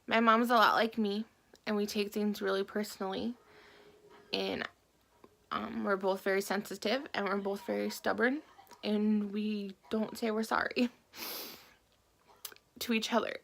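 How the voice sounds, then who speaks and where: A young woman talks quietly and haltingly, stopping often and fighting back tears. Her voice is mid-pitched and slips into a gravelly fry. She speaks to the camera about her own life. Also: flat delivery. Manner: soft, halting, emotional, with many pauses and fillers. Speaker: woman sharing her story. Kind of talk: personal testimony to camera.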